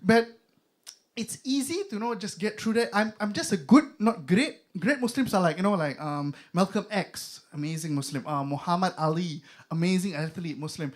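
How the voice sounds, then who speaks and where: A young man with a Singaporean accent does a stand-up comedy set in a high-pitched, animated voice at normal speed. Chatty and loose, he's conversational and filler-heavy, slipping into mock voices for his bits.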